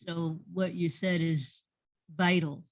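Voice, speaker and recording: A woman's voice: on the low side, fairly even intonation, slow pace, dry recording. A woman hosting an online workshop over a video call, praising participants effusively and often repeating her words. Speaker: workshop host and teacher. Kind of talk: encouraging group workshop feedback.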